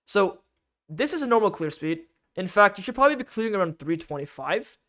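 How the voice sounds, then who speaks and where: High-voiced man coaching, emphatic. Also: big pitch swings, a little fast, a bit bright. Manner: emphatic, repetitive coaching with frequent "okay?" checks. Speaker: game coach. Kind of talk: instructional game guide talk.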